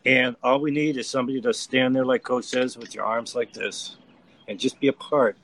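A man giving an earnest, halting testimony and urging listeners to get out and serve. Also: medium pitch, fairly even intonation, fairly bright tone, low-quality recording. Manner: earnest, hesitant starts, urging. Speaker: volunteer guest. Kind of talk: exhorting testimony.

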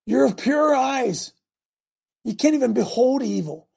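A man hosting a preaching broadcast, reading scripture aloud and breaking into fiery, animated asides. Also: extremely high pitch, measured pace, creaky, slightly rough. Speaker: radio preacher host.

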